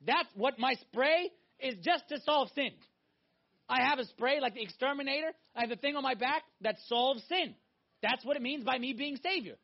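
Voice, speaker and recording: A man preaching a sermon, emphatic and animated, swinging between loud exhortation and hushed intensity. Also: extremely high pitch, normal speed. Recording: dull lo-fi recording.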